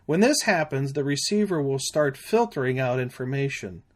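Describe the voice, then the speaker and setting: A man narrating a scripted safety lesson in a measured, deliberate way. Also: medium pitch, expressive. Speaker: safety trainer.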